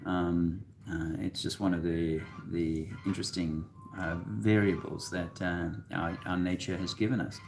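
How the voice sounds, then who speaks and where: Deep-voiced rambling man with halting speech. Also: steady tone, creaky, a little hiss or hum. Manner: rambling, halting, many fillers. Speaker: co-host. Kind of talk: casual chat.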